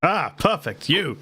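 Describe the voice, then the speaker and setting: A man playing a tabletop game, scheming and laughing often, in a casual chat. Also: high voice. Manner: scheming, laughs often, restarts mid-sentence. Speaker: player.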